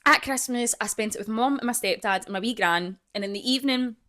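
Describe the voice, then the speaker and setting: A woman's voice: on the high side, brisk, bright, forceful tone. Chatty Scottish woman spinning a rambling story. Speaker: podcast co-host. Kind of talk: casual chat.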